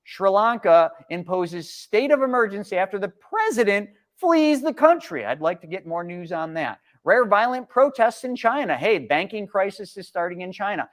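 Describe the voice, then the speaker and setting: A middle-aged man co-hosting a live-stream market show, talking bluntly and sarcastically with animated swings. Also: high-pitched, normal speed, hardly any pauses. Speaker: co-host.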